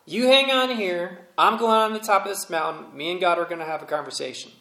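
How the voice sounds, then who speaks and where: A man's voice: high voice, a little fast, pushed and bright, pitched above the performer's own voice. A man voicing Moses as a casual leader in a breezy, offhand way, with a roomy church echo.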